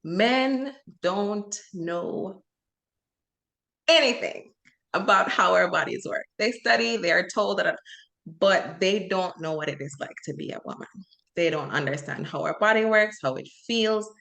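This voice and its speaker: A woman's voice: mid-range voice, measured pace, gravelly, a bit bright. Woman, young adult, earnest, impassioned, casual podcast chat, filler words. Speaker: podcast co-host.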